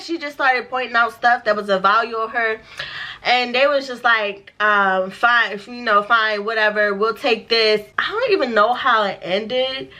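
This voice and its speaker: A young woman telling a storytime vlog, animated and profane, acting out what people said in slang. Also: on the high side. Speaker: vlogger.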